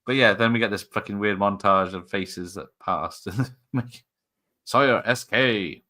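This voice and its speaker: A man's voice: on the low side, measured pace, bright, forceful tone. A man hosting a casual film watch-party stream, joking, laughing often and swearing freely. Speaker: stream host.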